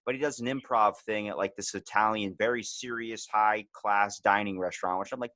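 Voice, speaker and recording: A man's voice: lowish voice, steady tone, a little fast, hardly any pauses, bright, forceful tone, no room sound. A man hosting a podcast, talking in loose, run-on sentences. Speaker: podcast host. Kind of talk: casual interview chat.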